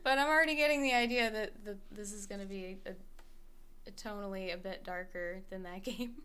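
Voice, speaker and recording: A woman's voice: mid-range voice, brisk, a bit bright, smooth. A young woman streaming a video game, rambling casually with many fillers, swearing and laughing. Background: faint music playlist.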